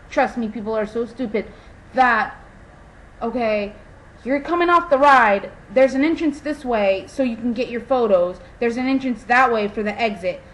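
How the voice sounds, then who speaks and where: A young woman venting in a casual vlog, telling animated stories with lots of "like" and an exasperated tone. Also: a little high, slight background noise, poor audio. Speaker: vlogger.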